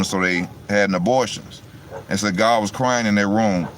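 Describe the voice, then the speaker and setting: A man vlogging on a phone that's on charge chats with his viewers, retelling a story in a meandering way and often adding "you know what I'm saying." His voice sits on the low side and is a bit bright, at a normal speed, with slight background noise.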